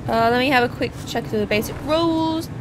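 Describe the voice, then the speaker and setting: A woman's voice: a little high, fairly quick, heavy background noise. A woman hosting a let's play, chatty and self-mocking as she works through the game. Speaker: gaming channel host.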